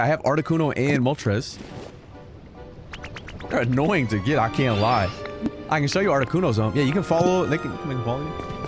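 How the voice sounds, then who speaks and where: A man streaming a video game, chatting casually, joking and swearing freely as he plays. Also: mid-range voice. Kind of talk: casual gameplay commentary. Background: game music.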